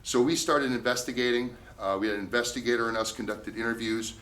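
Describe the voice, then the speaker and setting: A man's voice: mid-range voice, fairly even intonation, quick pace, a bit bright, slight background noise. A male attorney giving a talk at a meeting, telling a case story with emphatic, indignant storytelling. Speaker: tax attorney speaking at a meeting. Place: meeting room.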